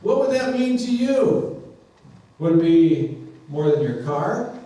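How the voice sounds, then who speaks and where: High-voiced pastor in an echoey church. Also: male voice, very animated, slow pace, mellow, slight background noise. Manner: conversational, acts out dialogue with playful humor. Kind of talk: sermon. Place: church sanctuary. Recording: echoey church from a distant mic.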